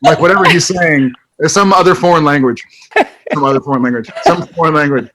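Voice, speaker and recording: A man telling a lively anecdote on a video call, dropping to hushed asides and mock voices. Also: a little high, fairly quick, slight background noise, rough recording. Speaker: panelist telling a story.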